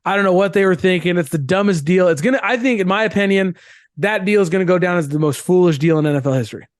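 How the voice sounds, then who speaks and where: High-voiced emphatic male sports podcaster. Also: fast talker, dry recording, studio quality. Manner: emphatic, opinionated, repeats points. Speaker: podcast co-host. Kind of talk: casual sports chat.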